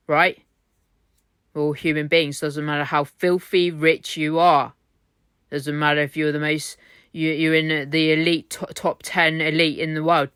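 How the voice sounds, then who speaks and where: A man's voice: a little high, level tone, normal speed, sharp tone, smooth, no echo, clean studio sound. Rambling, swearing man. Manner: rambling, repetitive, heavy swearing. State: exhausted. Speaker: vlogger. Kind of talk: rambling self-recorded monologue. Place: hotel room.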